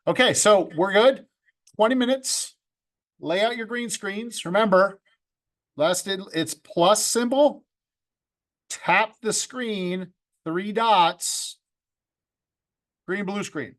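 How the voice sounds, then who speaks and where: This video club instructor teaches video editing online from a home room fitted with a green screen, cheerfully joking and addressing each student by name. He speaks slowly in a high-pitched, fairly bright voice and pauses often.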